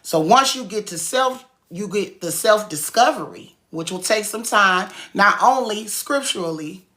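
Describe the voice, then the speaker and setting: A woman who owns a cookie business and works as a speaker gives a casual motivational talk, emphatic and preachy, repeating her points in slang-heavy everyday speech. Her medium-pitched voice is expressive, bright and forceful, at a measured pace.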